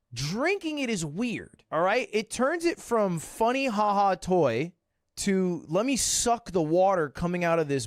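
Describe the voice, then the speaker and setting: A young man streaming casually at his desk, joking and swearing with lively energy. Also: sits high, no echo, studio quality. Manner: animated, jokey, swearing. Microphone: desk microphone.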